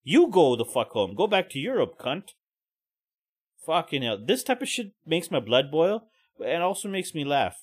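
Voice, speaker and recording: A man's voice: on the high side, very animated, moderate pace. A man hosting a podcast, giving profane, heated, mocking commentary. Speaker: podcast host. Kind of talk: ranting commentary.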